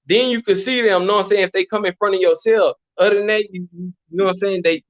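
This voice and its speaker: Fast and full of slang, a man from Texas tells prison stories as an interview guest in a laid-back storytelling format. His pitch is high and his tone bright and animated, with repeated "you know what I'm saying," all captured in muffled lo-fi sound.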